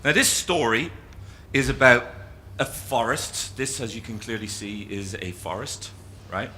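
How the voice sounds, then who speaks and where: A man's voice: medium pitch, unhurried. An Irish man giving a keynote talk to a live audience, telling stories as he draws. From Ireland. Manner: animated storyteller, drawing as he speaks. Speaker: keynote speaker. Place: conference room with an audience.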